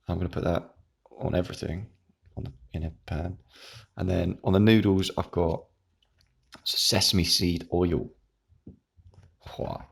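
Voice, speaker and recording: A man's voice: low voice, gravelly. A man, hosting his own channel, chatting casually in a rambling way while eating with his mouth full. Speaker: YouTube channel host.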